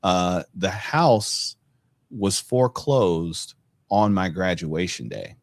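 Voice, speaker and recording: Deep-voiced man hosting a podcast. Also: slow, dry recording. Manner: conversational, many fillers, animated when retelling. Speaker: podcast host. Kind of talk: casual storytelling.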